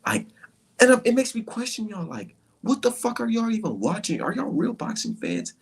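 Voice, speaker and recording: A husky-voiced man rants about boxing on his own show, swearing freely and sneering at the people he argues with. He keeps slipping into breathy, whispery mock voices to imitate them. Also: high voice, wildly swooping pitch, normal speed. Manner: profane, mocking, switches to whispery mock voices. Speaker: boxing commentary vlogger. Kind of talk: heated casual rant.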